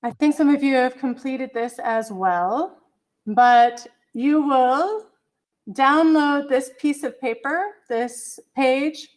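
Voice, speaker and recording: Her voice sits high and she talks slowly. She's a middle-aged woman leading an online college English course via a computer mic on a video call, chatting, apologizing, and humming to herself while looking for files.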